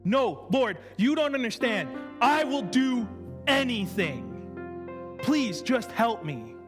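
A man's voice: very high voice, very animated, slow pace, exaggerated voice. A man voicing a panicked man clinging to a branch on a cliff, stammering frantic pleas. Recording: reverberant hall with faint music.

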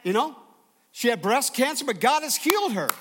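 A man's voice: very high voice, very animated, normal speed, fairly bright tone. A man preaching a sermon as pastor, emphatic and calling out to his congregation for response.

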